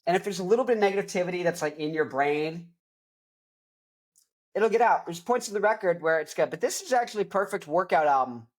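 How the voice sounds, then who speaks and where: A man's voice: high-pitched, expressive, a little fast. A young man hosting a rock show, reviewing an album in a rambling, jokey, digressive way. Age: young adult. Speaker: host. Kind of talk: casual album review chat.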